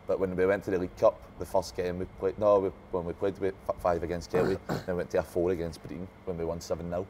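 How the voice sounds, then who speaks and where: Deep-voiced laid-back Scottish man. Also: flat delivery, quick pace, mellow, slight background noise. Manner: laid-back, short plain answers. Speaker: footballer guest. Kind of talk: casual chat.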